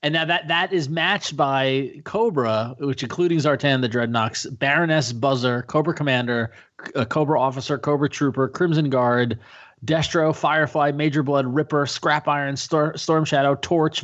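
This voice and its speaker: Podcast co-host, male, mid-pitched, animated and laugh-prone, slightly dull lo-fi audio. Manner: animated, laughs often, lists names quickly. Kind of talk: casual chat about a cartoon. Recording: dull lo-fi sound.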